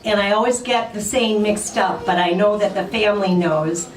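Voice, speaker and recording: A woman's voice: mid-range voice, far from the mic. A woman, the family's hairdresser, sharing heartfelt memories at a memorial. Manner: unhurried and heartfelt. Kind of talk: memorial speech. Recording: roomy hall, mic from afar, faint noise.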